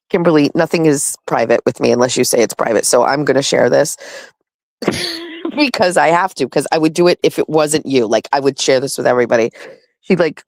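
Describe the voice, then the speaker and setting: Low, lively woman chatting casually. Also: vocal fry, no echo, rough recording. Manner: profane, laughing storyteller. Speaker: vlog host. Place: at home with her dogs.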